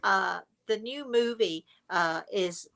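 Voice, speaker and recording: Older woman host, mid-pitched, rambling live Q&A chat. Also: takes it slowly, gravelly, fairly bright tone. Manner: chatty, digressive, trailing into asides. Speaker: host, spiritual medium. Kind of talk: live question-and-answer talk.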